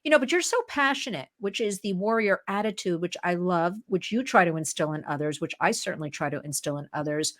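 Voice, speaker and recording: Older woman, interview host, from new jersey, excited, chatty, rather low pitch. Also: brisk, few pauses. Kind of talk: interview show.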